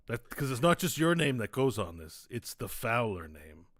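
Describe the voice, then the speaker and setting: A man playing a gruff one-legged father. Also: mid-range voice, big pitch swings, normal speed, dry recording, clean studio sound. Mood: stern. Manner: scolding, blunt, threatening.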